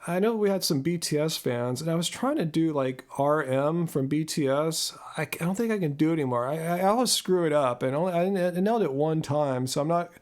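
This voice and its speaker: A man's voice: on the high side, expressive, fairly quick, few pauses. A man from Southern California hosting a live Q&A stream, chatting casually with his viewers, laughing often and stumbling over repeated words as he restarts his sentences. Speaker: host. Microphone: own microphone.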